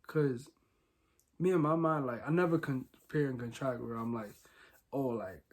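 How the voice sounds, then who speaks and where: A young man hosting a solo podcast, talking casually and candidly, rambling with many fillers and swinging between quiet and loud. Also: medium pitch, moderate pace. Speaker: podcast host.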